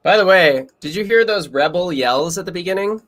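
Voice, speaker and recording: A young man hosting a history podcast in casual, excitable chat, talking quickly and often laughing. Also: high-pitched, heavy background noise. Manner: quick, excitable, breaks into laughs and loud yells. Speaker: podcast host.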